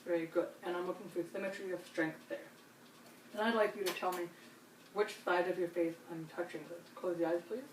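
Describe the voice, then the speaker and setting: Calm woman walking a patient through an exam. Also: fairly low pitch, a little fast. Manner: calm, step-by-step instructions with frequent reassurance. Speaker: nurse examiner. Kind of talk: clinical demonstration. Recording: roomy, distant mic, faint hiss.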